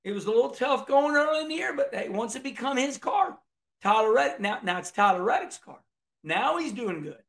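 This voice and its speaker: A middle-aged man with a drawl talks through a race in a loose, folksy ramble, often starting a phrase twice. His voice sits high for a man and carries a gravelly edge. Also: animated, fairly quick, fairly bright tone. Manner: folksy, rambling, repeats words and restarts. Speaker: racing commentator. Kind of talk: casual video commentary.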